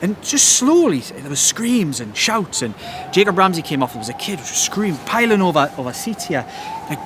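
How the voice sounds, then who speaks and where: A young man, a football journalist and podcast host, chats excitedly and tells an animated story that keeps breaking into laughter. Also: sits high, moderate pace, noisy background. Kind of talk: excited casual chat. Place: outdoors at night abroad.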